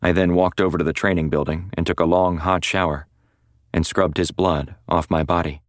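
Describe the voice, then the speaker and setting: A man's voice: low-pitched, steady tone, moderate pace, dry recording. A man narrating a first-person novel as an audiobook in a dry, wry storytelling manner. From North Florida.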